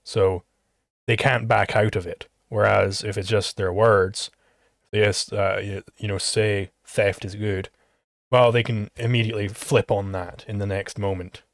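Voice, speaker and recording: A man co-hosting a livestream, talking casually and haltingly with many fillers. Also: lowish voice, flat delivery, gravelly, no echo, clean studio sound.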